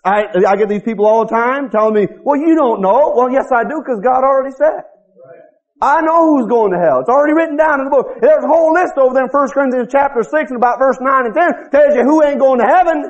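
A man's voice: extremely high pitch, quick pace, muffled recording. A man preaching a sermon as pastor in a folksy, repetitive way, often calling out to the congregation for an answer.

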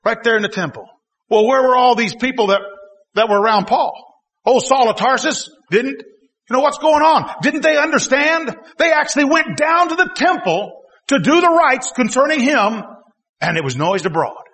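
High, bright-voiced preacher in a reverberant hall. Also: male voice, animated, normal speed. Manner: folksy storytelling, swinging between quiet asides and loud exclamations. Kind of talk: sermon.

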